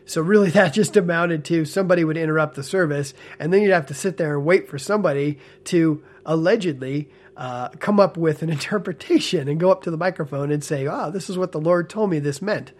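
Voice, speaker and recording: Animated man with a higher voice. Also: brisk, hardly any pauses. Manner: animated, frequent tag questions like "okay?" and "right?"; talks with a smile, amused and earnest. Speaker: ex-church member commentator. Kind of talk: casual spoken commentary.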